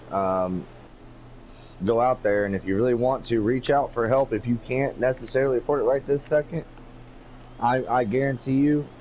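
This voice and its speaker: A man's voice: mid-range voice, a little mellow, lo-fi sound, a little hiss or hum. A man co-commentating an online race in a loose, rambling way with crude jokes. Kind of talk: casual sim-racing commentary.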